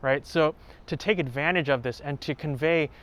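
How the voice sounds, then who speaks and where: A man who plays violin, hosting a tutorial and calmly explaining step by step, now and then singing short examples. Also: fairly high pitch, normal speed. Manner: clear, explanatory, with sung examples. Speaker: violin teacher and channel host. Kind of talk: instructional talk to camera. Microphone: home recording setup.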